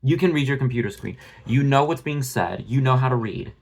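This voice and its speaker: Brief: male vlogger, mid-pitched, blunt and profane, rambling restarts, phone-recorded rant. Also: expressive, brisk, gravelly. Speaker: drama commentary vlogger. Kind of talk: ranting commentary.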